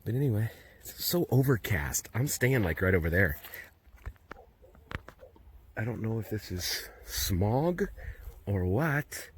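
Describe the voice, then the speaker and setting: A fairly low-pitched, very animated male vlogger speaks slowly, leaving long pauses. He's walking up a steep road outside, winded and chatty, thinking aloud for his casual travel vlog. The recording carries outdoor ambience and background noise.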